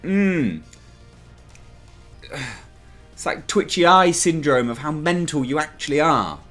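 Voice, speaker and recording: This British commentary vlogger rants sarcastically, sounding exasperated and mocking others in put-on voices. His voice is medium in pitch and a bit bright.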